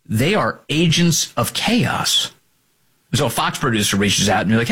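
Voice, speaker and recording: A man's voice: a little high, big pitch swings, moderate pace, a bit bright, breathy edge. A man hosting a political talk radio show, combative and sarcastic, mocking opponents in put-on voices. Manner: sarcastic, combative, swings between mocking voices and emphatic outbursts.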